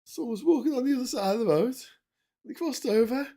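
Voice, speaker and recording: A man hosting a long solo livestream, reading out viewer messages in an excitable, chatty way, laughing often and restarting his sentences, and tired from the long stream. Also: very high-pitched, fast. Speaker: livestream host.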